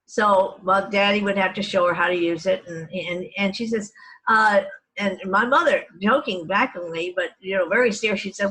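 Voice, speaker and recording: A woman's voice: mid-range voice, normal speed, fairly bright tone, rough recording. Older woman from Texas, meandering reminiscence. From Dallas, Texas. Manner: meandering, frequent restarts and self-corrections. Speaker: family storyteller. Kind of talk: reminiscing oral history.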